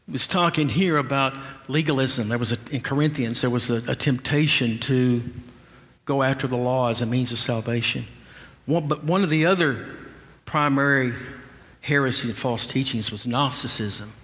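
A man's voice: mid-range voice, normal speed, a bit bright, big-room sound. A male pastor preaching an earnest, conversational sermon, often restarting his sentences.

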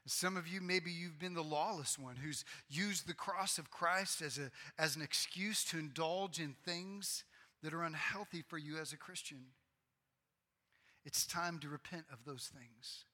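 A pastor in his forties preaching a sermon to his congregation, earnest and bursting into loud, excited outbursts. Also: on the high side, measured pace. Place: church sanctuary. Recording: long reverb of a large hall.

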